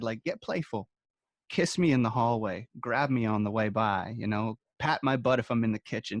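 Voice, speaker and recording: A man's voice: lowish voice, no echo. A man co-hosting a podcast, telling candid personal stories in a casual, joking way. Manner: candid, animated, jokes and laughs. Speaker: podcast co-host. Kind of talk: casual storytelling chat.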